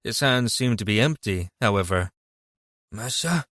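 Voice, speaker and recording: A man narrating a fantasy audiobook in a steady, even reading voice. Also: mid-range voice, moderate pace, no echo, clean studio sound. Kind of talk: scripted narration.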